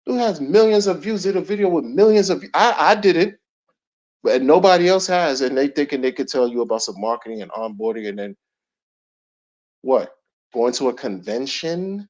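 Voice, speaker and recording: A man's voice: fairly high pitch, a little fast. A middle-aged man ranting in casual commentary, emphatic and slangy, repeating his points. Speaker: commentary channel host. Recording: dull lo-fi recording.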